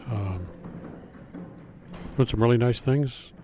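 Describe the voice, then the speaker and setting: A man giving spoken feedback to a school band, singing out rhythms to show them, relaxed and halting with fillers. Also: medium pitch, soft background music. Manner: sings out rhythms to demonstrate. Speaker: band adjudicator.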